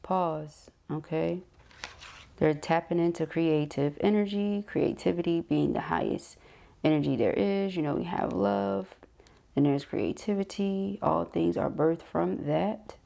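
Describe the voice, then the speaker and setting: A woman's voice: on the low side, a little slow, gravelly, dark tone. A woman giving a casual spoken tarot reading, chatty and emphatic, repeating phrases and talking straight to her viewers. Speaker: tarot reader.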